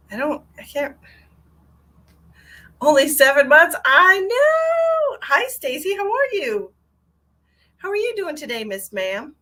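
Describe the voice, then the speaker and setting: A woman hosts a live stream as a psychic medium, chatting casually and greeting viewers by name with endearments. Her delivery swings between bright exclamations and low asides.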